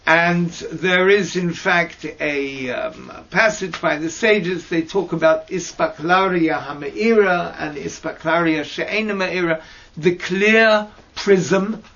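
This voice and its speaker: A man teaching mystical texts in a slow lesson over a video call, hesitant and searching for words with fillers and restarts. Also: creaky, fairly bright tone. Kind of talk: slow explanatory lesson with many pauses. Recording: dull low-fi audio with faint noise.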